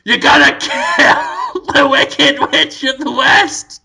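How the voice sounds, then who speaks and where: A man voicing a pompous male celebrity cast as a movie wizard, making loud, theatrical proclamations. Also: extremely high pitch, lively intonation, takes it slowly, creaky, crowd noise, voice pushed up, exaggerated voice. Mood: grandiose.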